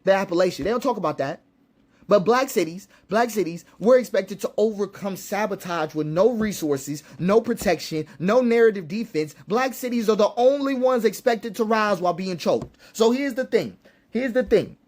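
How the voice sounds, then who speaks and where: A man's voice: sits high, expressive, normal speed, a little mellow. A man giving an impassioned, preacherly monologue, repeating his points with emphasis. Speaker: commentator.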